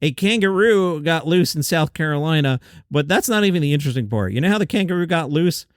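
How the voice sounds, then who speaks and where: A man's voice: fairly high pitch, animated, fast talker, dry recording, studio quality. A man hosting a light news round-up, chatty with joking asides. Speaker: host. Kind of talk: upbeat news round-up with jokes.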